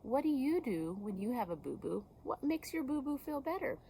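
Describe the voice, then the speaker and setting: A woman teacher reading a picture book aloud to young children, gently asking them questions. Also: sits high, sing-song, moderate pace, a little hiss or hum.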